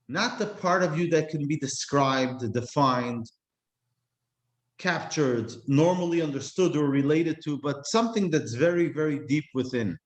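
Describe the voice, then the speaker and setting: Reflective male teacher, echoey room. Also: medium pitch. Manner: reflective, slows to stress key words. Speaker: Jewish teacher. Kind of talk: explanatory class talk.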